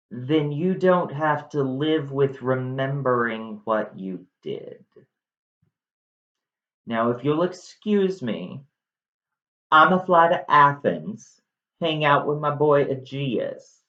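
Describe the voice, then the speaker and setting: A man's voice: a little high, expressive, extremely slow, long pauses. A man voicing a vengeful demigod sorceress, casual and offhand in a dull, echoey recording. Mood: coolly cruel. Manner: breezy, dismissive, offhand.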